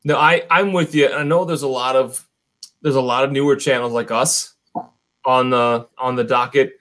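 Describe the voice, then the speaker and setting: A tipsy man talking over a video call on a whiskey stream, upbeat and chummy, throwing in a friendly "buddy" as he talks. His voice sits at an ordinary middle pitch, loose and easygoing. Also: fairly even intonation, normal speed, a bit bright. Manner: enthusiastic, chummy, calls people buddy. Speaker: whiskey YouTube co-host, guest. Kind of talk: casual livestream chat.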